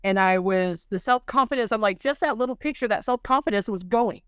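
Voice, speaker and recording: A woman's voice: medium pitch, brisk, clear, resonant tone, no room sound, clean studio sound. A woman guest on an interview show, earnestly recounting her own experience as a patient. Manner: earnest, emotional storyteller. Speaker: dental implant patient guest. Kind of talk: personal story in podcast interview.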